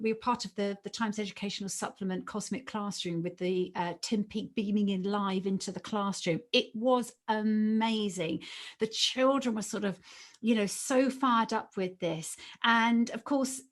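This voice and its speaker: A British woman in her late forties, a podcast host and former teacher, telling stories in an earnest, emotional way and repeating herself for emphasis. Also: mid-range voice. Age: 40s. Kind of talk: podcast interview storytelling.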